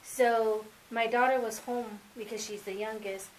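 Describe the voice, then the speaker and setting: A mother speaking as an interview guest, telling family stories in a casual, animated way and acting out remembered dialogue. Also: fairly high pitch, measured pace, slight background noise, low-quality recording. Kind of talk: casual sit-down interview storytelling.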